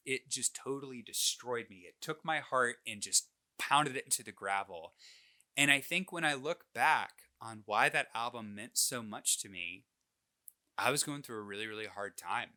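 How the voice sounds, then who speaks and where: A young man co-hosting a podcast, spinning a long personal story in easy, animated chat. His voice is very bright and forward, and he talks at an ordinary middle pitch, tripping over restarts and fillers as he goes. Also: normal speed. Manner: animated, self-deprecating, many fillers and restarts. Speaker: podcast co-host.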